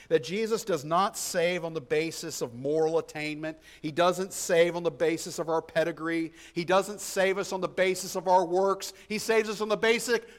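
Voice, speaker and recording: A man preaching a sermon as pastor, moving between loud emphasis and hushed tones and repeating key phrases. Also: high voice.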